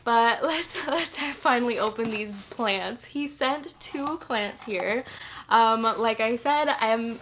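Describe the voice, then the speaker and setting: A woman's voice: on the high side, unhurried, sharp tone, a little hiss or hum. A young woman from Texas, chatting through a plant unboxing for her channel, teary and gushing, full of "like.". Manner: chatty, gushing, filler-heavy. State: teary and emotional. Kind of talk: casual unboxing vlog.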